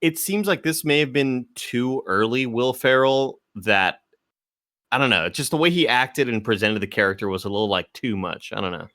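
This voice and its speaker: A man gives his opinion on a podcast in a relaxed, hedging way, trailing off with "I don't know." His pitch moves a lot as he talks. The recording is dry and close. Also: normal speed, no room sound. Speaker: podcast co-host. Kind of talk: casual podcast chat.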